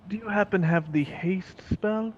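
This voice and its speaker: A man playing a tabletop game, talking in a hesitant, halting way. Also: high-pitched, muffled recording, a little hiss or hum. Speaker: player. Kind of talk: casual in-character play.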